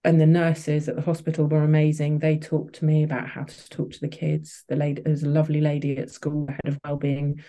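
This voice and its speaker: A woman's voice: low-pitched, completely flat delivery, brisk, few pauses, dark tone. A woman, a podcast guest, telling a personal story candidly, with frequent restarts and fillers. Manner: open, emotional, many restarts and fillers.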